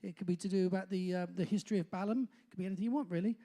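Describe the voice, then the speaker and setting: Talking at a racing clip, this Bristol-born compere of around sixty has a warm, medium-pitched voice with fairly level intonation and a faint local accent. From the stage of a pub function room at a live music night, the patter rambles, pokes fun at itself and is thick with "uh"s.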